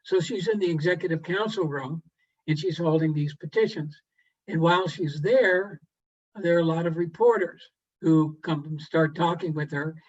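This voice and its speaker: A man giving a relaxed storytelling lecture to a garden club, unhurried, with frequent pauses and throat clearing. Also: on the high side, muffled recording. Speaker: guest presenter to a garden club. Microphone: video call microphone.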